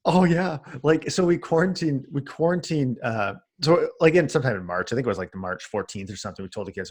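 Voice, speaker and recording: A man, a husky voice, chatting casually as a podcast co-host and telling an animated, swearing story. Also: medium pitch, quick pace. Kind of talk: casual chat among friends.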